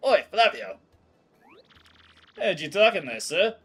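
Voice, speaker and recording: A man voicing a gruff, working-class male sailor with rough, folksy speech. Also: sits high, big pitch swings, slow pace, a bit bright, faint music behind, voice pushed up, heavily acted. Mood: eager.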